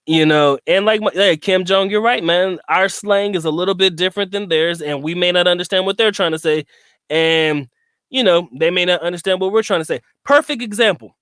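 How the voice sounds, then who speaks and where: A man's voice: sits high, fairly quick, fairly bright tone, clean tone, dry recording, studio quality. A man from the South, giving a rambling, casual monologue to his viewers with frequent asides. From Southern United States. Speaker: vlogger.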